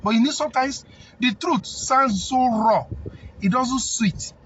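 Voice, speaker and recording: A man's voice: very high voice, unhurried, a bit bright, highs cut off, a little hiss or hum. A man with a Nigerian accent, a snail farming consultant, giving a defiant, preachy rant that repeats phrases for emphasis. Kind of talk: impassioned rant to camera.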